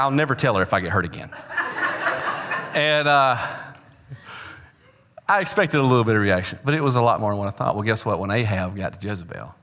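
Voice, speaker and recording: Guy pastor preaching, jokey storyteller, goes loud then real quiet, echo of a big church hall. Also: on the high side. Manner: storytelling with humor, swings between loud and hushed. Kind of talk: sermon. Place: church sanctuary.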